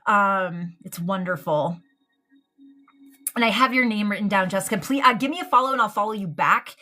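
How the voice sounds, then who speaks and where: Affectionate, halting woman medium. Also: mid-range voice, pushed and bright. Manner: hesitant, full of ums and likes, affectionate. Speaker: psychic medium. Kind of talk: live-streamed mediumship reading.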